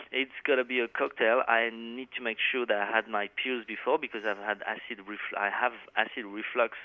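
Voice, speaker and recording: A man's voice: medium pitch, dry recording. A man in his thirties with a French accent, chatting casually as an interview guest, rambling with lots of fillers and restarts. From France. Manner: rambling, many fillers and restarts, laughs easily. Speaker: touring metal musician, interview guest. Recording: tinny phone line.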